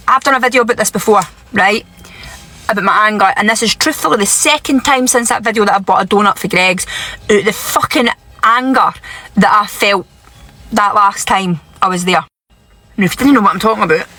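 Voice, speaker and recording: Bright, exasperated swearing woman. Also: mid-range voice. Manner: exasperated, swearing, keeps asking "right?". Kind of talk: angry vlog rant.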